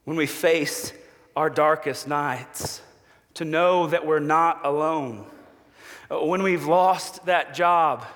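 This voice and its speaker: A man preaching a sermon as a pastor, measured and slow with long pauses, falling to a hushed voice for quoted promises. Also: on the high side. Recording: long hall reverb.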